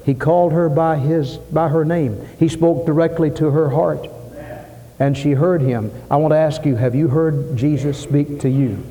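A man's voice: fairly high pitch, fairly even intonation, moderate pace, mellow, big-room sound. A man preaching a sermon at a church service, emphatic, repeating phrases for stress. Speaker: pastor.

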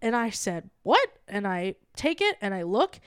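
Her mid-range voice is smooth and a little slow, captured in studio quality with no room sound. She's a young adult podcast co-host on a comedy show, chatting casually through a story, acting out what people said, and swearing casually with lively energy.

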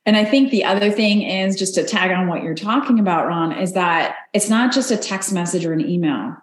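A woman speaks as a podcast guest, earnest and animated as she tells her stories. Her voice sits on the low side, and the room around her rings with noticeable echo. She slips into quoted voices as she talks. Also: fairly quick. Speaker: podcast guest, Army Ranger. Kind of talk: conversational interview.

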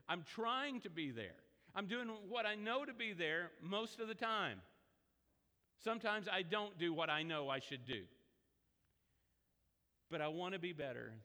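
Man, pastor, sermon, conversational storytelling, high-pitched, echoing church hall. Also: very animated, measured pace, pauses often, bright, forceful tone.

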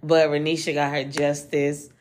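A woman hosting a true-crime podcast alone, talking casually and quickly in loose slang and swearing freely. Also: low-pitched, level tone, darkish tone, a little hiss or hum. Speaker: podcast host. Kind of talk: casual solo podcast chat.

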